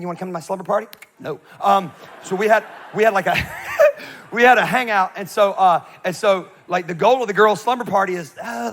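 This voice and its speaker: A man preaching a sermon, telling a comic story and acting out the voices in it. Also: on the high side. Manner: animated, acts out voices in his stories. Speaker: pastor.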